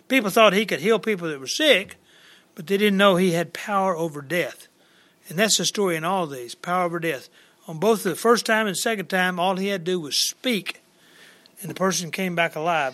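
Male preacher, high and bright-toned, folksy conversational sermon delivery. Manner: plainspoken, conversational, paraphrases scripture in everyday words. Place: church service with congregation.

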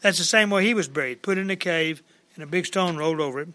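High, bright-voiced folksy preacher. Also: male voice, quick pace. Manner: plainspoken, conversational, paraphrases scripture in everyday words. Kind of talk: folksy verse-by-verse sermon. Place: church service with congregation.

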